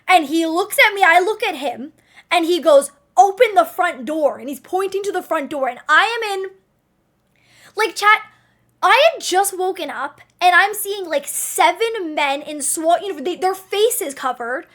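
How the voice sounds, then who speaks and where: A young woman talks straight to her stream chat, telling a story in a loose, casual way. Her voice sits very high, and her delivery is animated, with plenty of swearing. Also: measured pace.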